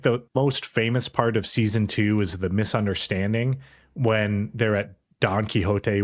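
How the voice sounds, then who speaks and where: A man co-hosting a podcast, chatting casually about anime, rambling and swearing freely, briefly acting out characters' lines. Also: on the low side. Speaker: podcast co-host. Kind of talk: casual anime review chat.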